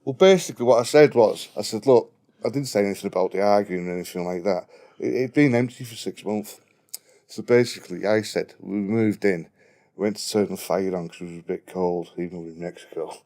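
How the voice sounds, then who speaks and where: A man's voice: lowish voice, brisk, warm tone. A man with a broad Liverpool accent telling a profane, blunt anecdote in casual chat. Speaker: guest storyteller.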